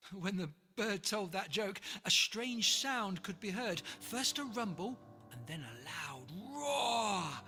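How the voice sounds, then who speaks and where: An author reading their own rhyming picture book aloud in a lively, rhythmic way. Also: mid-range voice, slow pace, husky. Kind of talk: rhyming storybook read-aloud. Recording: long reverb, faint music behind.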